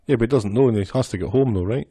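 Wry man with a mellow voice. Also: mid-range voice, racing, slightly rough, dry recording, clean studio sound. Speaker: podcast co-host. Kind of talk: casual chat recapping a cartoon episode.

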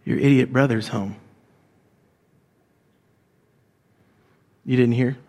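A man voicing a farmhand who passes on news in a low, confiding murmur. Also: steady tone, fairly quick, a little mellow, close to an everyday voice. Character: hushed gossiping male farmhand.

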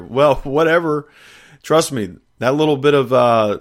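A middle-aged man, hosting a faith podcast and telling a personal testimony in an animated, storytelling way with frequent laughter. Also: mid-range voice, normal speed. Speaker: podcast host.

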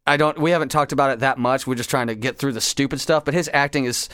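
A man's voice: medium pitch, fairly even intonation, fast talker, a bit bright, clean tone, dry recording, studio quality. A young man co-hosting a podcast, ranting in exasperated casual chat. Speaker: podcast co-host.

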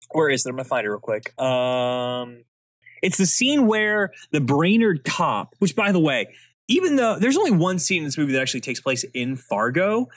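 A podcast host talking casually and animatedly about a film and reading scenes aloud, quick to laugh. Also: medium pitch, a bit bright, no room sound, studio quality.

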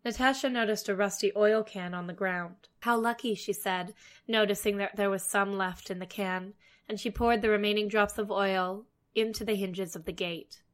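Woman, storyteller, fairy tale reading, steady, wry asides. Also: mid-range voice, normal speed.

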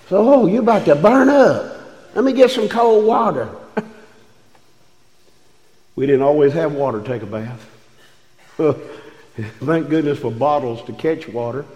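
Fervent preacher in an echoing church. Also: male voice, on the high side, darkish tone. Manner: folksy, rising to fervent preaching with drawn-out phrases. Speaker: pastor. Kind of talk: sermon. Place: church sanctuary. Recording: echoey church hall.

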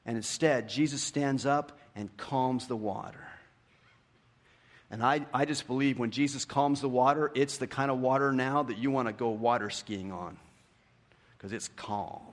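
Animated preaching man in a reverberant hall. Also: medium pitch, a little slow. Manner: animated storytelling, swings from hushed questions to lively retellings. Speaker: pastor. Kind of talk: sermon.

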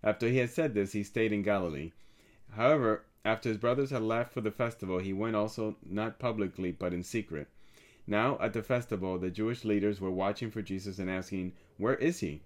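Guy reading the bible out loud, lowish voice, slow and steady. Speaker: scripture reader.

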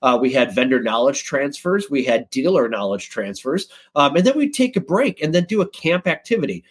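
A man talking as a guest on a podcast, telling stories in a casual, lively way and jumping up in pitch when he gets excited. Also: fairly quick, slightly rough. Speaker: guest, sales director.

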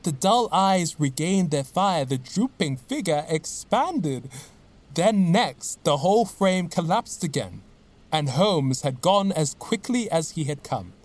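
A man narrating a classic story as an audiobook, with steady, expressive storytelling. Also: fairly high pitch, takes it slowly.

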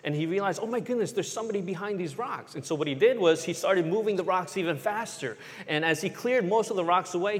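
A man tells a story as a children's sermon. His voice sits a little high, and he keeps checking in with his young listeners. It echoes with a long church-hall reverb. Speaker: pastor.

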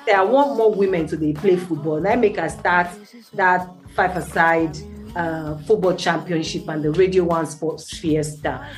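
A middle-aged woman from Nigeria with a Nigerian Pidgin accent speaks as a studio guest on a radio show. She tells her story in an animated way, and her voice leaps higher whenever she stresses a point. Faint music plays softly under her voice. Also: normal speed. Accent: Nigerian Pidgin English.

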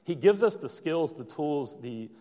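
A man's voice: on the high side, expressive, a little slow, dark tone, in a large hall. A young man preaching a sermon, telling a childhood story with plenty of fillers and restarts. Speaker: pastor.

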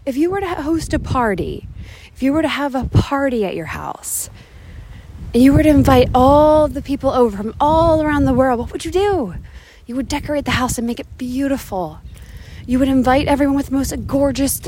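A business coach with a high, lively voice hosts a motivational podcast at a normal speed, speaking outdoors in the wind. She holds a handheld mic with her hand cupped around it and talks enthusiastically and emphatically, repeating phrases for emphasis.

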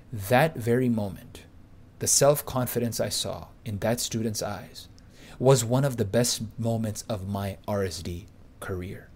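A man narrating a podcast story from a script, with a boastful, pumped-up delivery. He leans on crude slang and gets louder at the exciting parts. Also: medium pitch. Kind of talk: reading a first-person anecdote aloud.

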